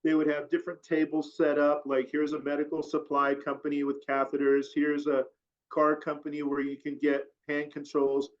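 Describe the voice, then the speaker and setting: Guy rambling thru a story in an interview, lots of "like", kinda high voice, muffled sound. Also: moderate pace. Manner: rambling, filler-heavy, animated retelling. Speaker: guest. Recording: dull lo-fi audio.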